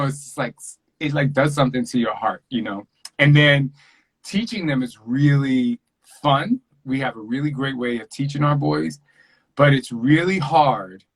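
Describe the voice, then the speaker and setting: A man chatting earnestly about fatherhood, animated and acting out quotes as a guest on a video call. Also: mid-range voice, low-quality recording. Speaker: podcast host and father, interview guest. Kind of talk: casual interview chat.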